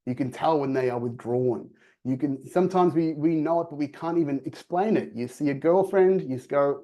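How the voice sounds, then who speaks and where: Warm-toned sales coach. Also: male voice, fairly high pitch, moderate pace. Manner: energetic, acts out quoted dialogue in lively voices. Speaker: sales coach giving a webinar talk. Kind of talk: presenting to a virtual audience.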